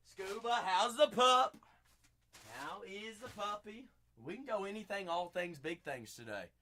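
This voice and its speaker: A man's voice: sits high, expressive, measured pace, bright, forceful tone. A chatty man with a Southern accent hosting a live card-break stream, talking to viewers by name.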